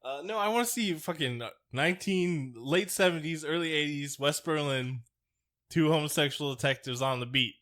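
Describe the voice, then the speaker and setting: American male podcast co-host, bright tone, profane joking riffs. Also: fairly high pitch, normal speed. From United States. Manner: profane, joking, riffing on bits. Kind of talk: casual podcast chat.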